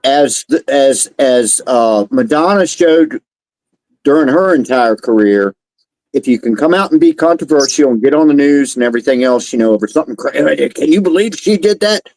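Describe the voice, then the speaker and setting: A man's voice: medium pitch, moderate pace, a little mellow, no room sound. A man chatting casually in a group call, talking in long rambling stretches and laughing now and then. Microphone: video call.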